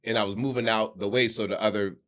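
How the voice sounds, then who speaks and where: A man telling a story in relaxed casual conversation on a comedy podcast, acting out quoted lines in a low-key way. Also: fast talker.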